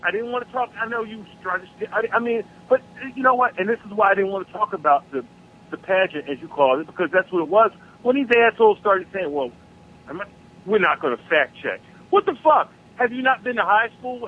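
A man calling in by phone, ranting with heavy profanity about politics in a heated, animated way. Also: high voice, slight background noise. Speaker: caller. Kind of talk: angry political rant on a call-in show. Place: South Carolina. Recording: tinny phone line.

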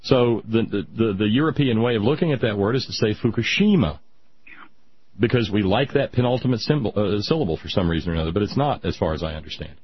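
Husky man ranting on talk radio. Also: on the low side, animated, fast talker, no room sound. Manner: ranting, rising to loud emphatic peaks. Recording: dry, dull radio audio.

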